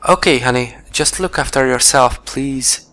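A man reading the lines of a worried, caring wife who pleads gently. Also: medium pitch, a little slow, gravelly. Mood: pleading.

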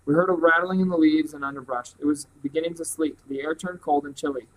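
A man reading a novel aloud at a plain, steady pace. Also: on the high side, fast, low-quality recording. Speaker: reader.

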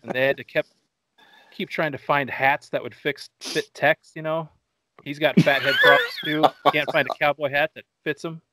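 A man's voice: fairly high pitch, steady tone, normal speed, background noise. A man hosting a casual movie-review podcast, rambling through the plot with jokes and swearing. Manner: joking, profane, rambling. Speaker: podcast host.

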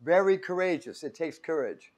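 A man's voice: a little high, expressive, normal speed, darkish tone. A man giving an informal Bible teaching in a room with a whiteboard, casual and joking, often putting questions to his listeners.

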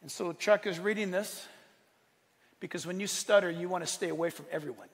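Man, pastor, animated sermon, high voice, long hall reverb. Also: brisk. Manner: animated preaching, acts out quotes, asks the room.

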